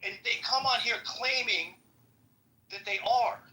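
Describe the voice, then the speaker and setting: A man's voice: extremely high pitch, a little slow, sharp tone, low-quality recording. A middle-aged man in a heated argument on an audio chat app, furious and profane, ranting over a phone mic. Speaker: chat room participant.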